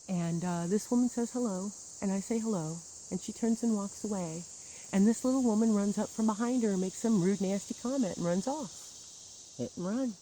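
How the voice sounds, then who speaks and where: A woman's voice: mid-range voice, mellow, a little hiss or hum, rough recording. A woman telling a personal grievance story in a bitter, sarcastic monologue with wry laughs. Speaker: churchgoer recounting grievances.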